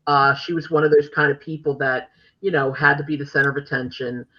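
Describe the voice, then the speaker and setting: A woman's voice: low-pitched, level tone, a little fast, highs cut off. A woman podcast host telling stories in casual interview chat, rambling with fillers and restarts. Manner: chatty storytelling with many fillers and restarts.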